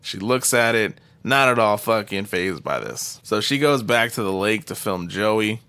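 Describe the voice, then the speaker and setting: A man's voice: lowish voice, measured pace, clear, resonant tone, dry recording. A young man in casual chat, retelling a film's plot with swearing and laughs. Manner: profane, animated retelling with laughs. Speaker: podcast co-host recapping a film.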